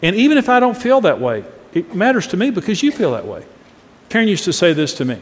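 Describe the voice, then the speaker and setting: The pastor's high voice swoops wildly in pitch at a quick pace as he preaches earnestly and emphatically about marriage. This middle-aged man acts out sample tones of voice, echoing through a large, reverberant hall.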